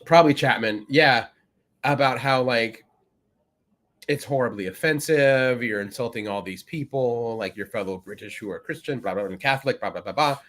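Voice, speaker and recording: Man, podcast co-host, casual chat, rambling, trailing off quietly, mid pitch. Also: normal speed.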